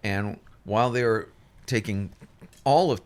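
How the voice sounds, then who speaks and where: Male musician guest, low-pitched, rambling storyteller who restarts a lot and acts out quotes. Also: measured pace. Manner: rambling, with many restarts and fillers; acts out other people's lines in shifted voices. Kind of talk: casual storytelling.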